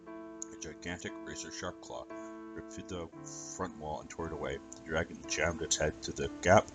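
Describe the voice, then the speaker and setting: A man reading a fan fiction story aloud as narrator, with an even storytelling manner and some stumbles. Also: a bass voice, normal speed, music in the background, low-quality recording.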